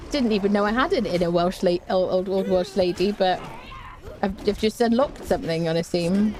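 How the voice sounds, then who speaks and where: A woman's voice: mid-range voice, normal speed, long pauses. A woman from Britain streaming a game, chatting casually and reading chat aloud, ranting with energy. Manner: chatty, reads chat aloud, animated rants. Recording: faint background noise.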